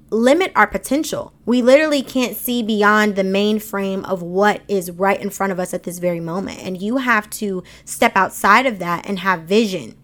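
Woman host w/ aave, pumped up motivational talk, mid-pitch voice. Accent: African American Vernacular English. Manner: emphatic, animated, speaks with slang. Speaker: podcast host. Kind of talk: motivational monologue.

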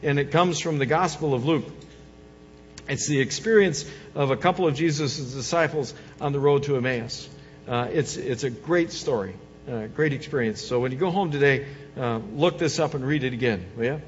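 A man's voice: mid-range voice, moderate pace, faint music behind. Man preaching in an echoing hall. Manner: swings from soft coaxing to loud emphatic preaching. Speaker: pastor. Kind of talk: sermon. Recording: dull sound with long hall reverb.

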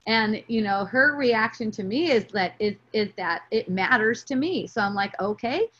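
A woman's voice: mid-range voice, normal speed, fairly bright tone. Chatty middle-aged woman, lo-fi. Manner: rambling, many fillers and restarts. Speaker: spiritual podcast guest. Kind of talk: reflective spiritual talk. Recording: dull lo-fi recording.

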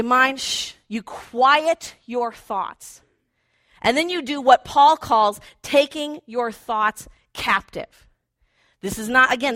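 A woman's voice: high-pitched, fairly bright tone, no echo. A woman preaching a conversational sermon who acts out inner voices playfully.

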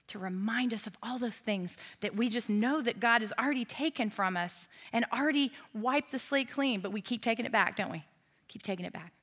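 A woman's voice: medium pitch, pushed and bright. A woman, giving a casual, humorous sermon with asides to the audience. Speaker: Bible teacher.

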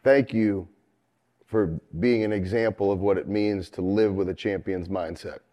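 A man with a low, dark-toned voice plays the host. He introduces his guest in a rousing, declamatory way, as if calling on an audience to cheer. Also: steady tone, a little slow. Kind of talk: emphatic announcing.

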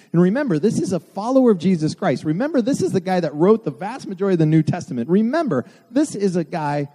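A man's voice: sits high, warm tone. A man preaching a sermon to his church, earnest with self-deprecating asides. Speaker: pastor. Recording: long hall reverb.

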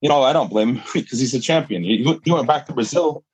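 Husky man telling a lively story. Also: mid-range voice, quick pace, no room sound, low-quality recording. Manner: animated storyteller, laughs often, restarts sentences. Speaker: guest, jiu-jitsu fighter and coach. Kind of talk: storytelling in a podcast interview.

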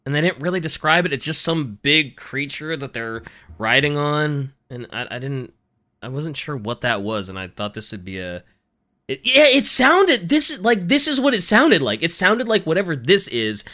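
Bright, lively man reacting with laughs. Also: on the high side, normal speed. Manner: reactive, laughs a lot, swears in surprise. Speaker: podcast co-host. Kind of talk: casual chat.

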